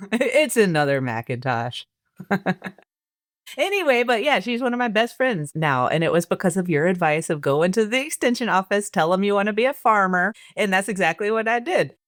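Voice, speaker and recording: A woman's voice: medium pitch, animated, brisk, dry recording, clean studio sound. A woman farmer, a guest on a podcast, telling her story in a chatty, easygoing way with frequent laughs. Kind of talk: casual podcast conversation.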